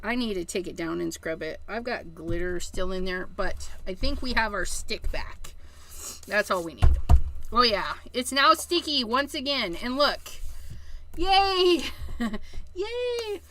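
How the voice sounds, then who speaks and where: A woman's voice: mid-range voice, lively intonation, normal speed, hardly any pauses, sharp tone, a little hiss or hum. A woman hosting a casual live-stream card-making demo, chatting and joking with her viewers as she works. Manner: chatty, addresses viewers as "you guys", giggly asides.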